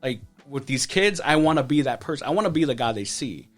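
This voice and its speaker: A man's voice: medium pitch, lively intonation, a little fast. A man in his thirties tells his personal story as a podcast guest. He speaks with emotion, often restarting and filling with "like". Faint music plays underneath. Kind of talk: personal testimony.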